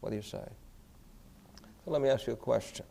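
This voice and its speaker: A man's voice: mid-range voice, a little fast, vocal fry, warm tone, slightly rough. A man preaching as a pastor, telling a story earnestly and asking the congregation questions. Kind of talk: sermon storytelling. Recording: echoey hall.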